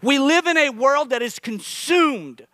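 A man's voice: extremely high pitch, animated, a little slow, sharp tone, dry recording, clean studio sound. A man preaching a sermon as pastor, earnest, restarting phrases often and building to emphatic peaks.

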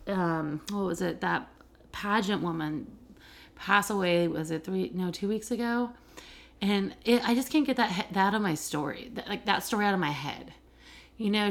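A middle-aged woman hosting a podcast, an educator who works with children and families, talking candidly in a casual monologue and telling stories with many fillers. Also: medium pitch. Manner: candid, animated storytelling with frequent fillers.

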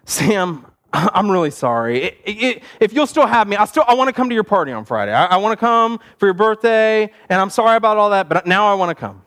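A man voicing an excited young boy in a sermon story, eager and stammering. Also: sits high, fairly quick, few pauses, pitched above the performer's own voice.

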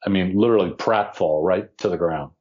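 An older man, an actor and podcast guest, telling an animated, self-deprecating anecdote and acting out the voices of people he quotes. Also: low-pitched, a little fast. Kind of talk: anecdotal storytelling. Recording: dull lo-fi audio.

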